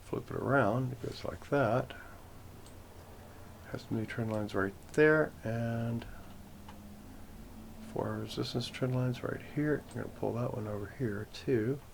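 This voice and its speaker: A man's voice: mid-range voice, unhurried, gravelly, long pauses, slight background noise. A man hosting a forex trading channel, talking casually through his chart trend lines with rambling self-corrections and joking asides. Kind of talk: casual screen-share chart walkthrough.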